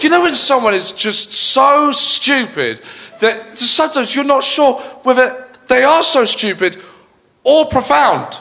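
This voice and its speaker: A man doing stand-up comedy on a studio stage, animated, rambling and mocking. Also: extremely high pitch, measured pace, creaky, crowd noise. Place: studio comedy stage before a live audience. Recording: live audience laughter and room noise.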